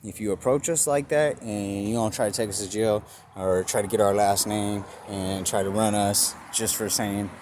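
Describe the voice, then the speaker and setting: A man's voice: lowish voice, fairly even intonation, normal speed, a little mellow. A man casually retelling a story to his phone camera, acting out both sides of the talk, with loose swearing. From California. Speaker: vlogger. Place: outdoors at a store parking lot. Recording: noisy outdoor recording with passing traffic.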